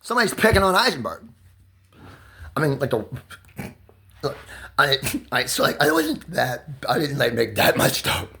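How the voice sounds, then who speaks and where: A young man in his twenties pours out a rambling monologue, his pitch leaping wildly up and down. He swears freely and tips from laughter into near tears into shouting. The delivery is loud and restless throughout. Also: normal speed, creaky, long pauses. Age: 20s. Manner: pressured rambling speech, swings between laughing, crying and shouting; loud and expressive, heavy swearing. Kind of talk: emotional monologue to camera.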